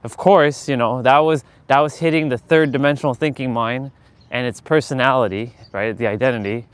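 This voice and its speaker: Outdoors on a casual motivational livestream, a male host talks earnestly but rambles, full of fillers and restarts. His mid-range voice holds a steady tone and moves fairly quickly and smoothly, and the recording is dry.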